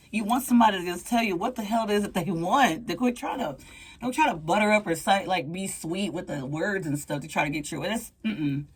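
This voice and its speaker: A woman's voice: medium pitch, a little fast, slight background noise. A woman giving a casual tarot reading in a playful, chatty way, calling the listener pet names. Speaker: tarot reader.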